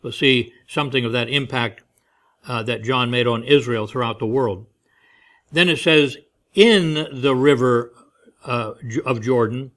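A man's voice: mid-range voice, unhurried, fairly bright tone. A man leads an informal Bible study, reading scripture aloud and unpacking it in plain terms. His delivery is conversational and easygoing, with chuckling asides between the verses. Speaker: Bible teacher.

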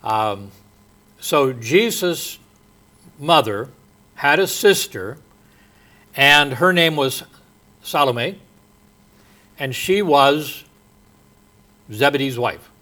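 A man preaching a sermon in a slow, halting way, with many pauses and fillers, his voice dropping soft at the ends of phrases. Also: mid-range voice, animated.

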